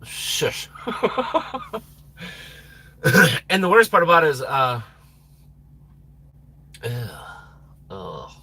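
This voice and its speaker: A man hosting a live stream chats in a loose, rambling way, laughing and losing his train of thought. His voice is bright and slightly husky, and it swoops up and down in pitch. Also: very animated, takes it slowly, pauses often, dry recording. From Minnesota. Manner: rambling, laughs often, trails off. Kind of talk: casual live stream chat.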